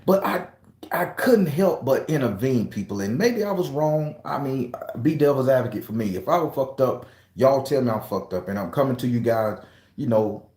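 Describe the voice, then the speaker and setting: Man, casual storytelling, profane, emphatic, middle pitch, echoey room. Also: lively intonation, normal speed, darkish tone. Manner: profane, emphatic, talks straight to his audience. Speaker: tarot reader and channel host.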